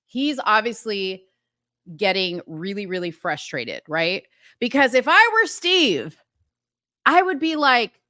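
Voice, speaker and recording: A woman hosting a casual talk show animatedly recaps a TV episode, acting out the characters' lines with rising pitch. She speaks unhurriedly, and the recording is dry with clean studio sound.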